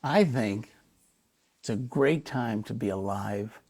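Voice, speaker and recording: A man's voice: on the low side, slow, a little mellow. A man, a pastor, speaking with energy and emphasis in a live interview, often repeating words as he builds his point. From Chicago area.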